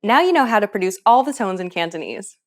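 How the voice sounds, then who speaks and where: A woman narrating a scripted lesson, explaining pronunciation clearly and step by step. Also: mid-range voice, sing-song, quick pace. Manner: clear, instructive. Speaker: pronunciation teacher.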